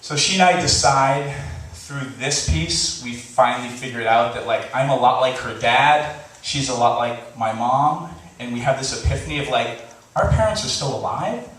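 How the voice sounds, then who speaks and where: Animated male storyteller in an echoey hall. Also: mid-range voice, normal speed, hardly any pauses, far from the mic. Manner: animated, laughing, acts out quotes. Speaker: storyteller on stage. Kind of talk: live comedic storytelling. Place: large hall before a live audience. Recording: echoey live hall recording, faint hiss.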